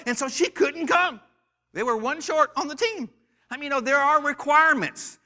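A man's voice: very high voice, pushed and bright. An American man preaching a sermon in church, leading call-and-response with the congregation and joking with its members. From United States. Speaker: pastor.

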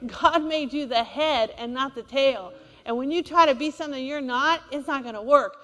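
A woman's voice: high voice, normal speed, a bit bright, big-room sound. A woman preacher, delivering a sermon in a church and asking the congregation for amens. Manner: call-and-response preaching, asks for amens.

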